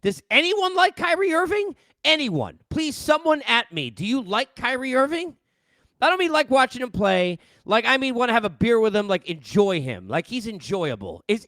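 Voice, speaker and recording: New guy ranting about hoops on a headset, high voice, really dry sound. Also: no echo. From New York. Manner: animated, ranting, blunt. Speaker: podcast host. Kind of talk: solo sports rant.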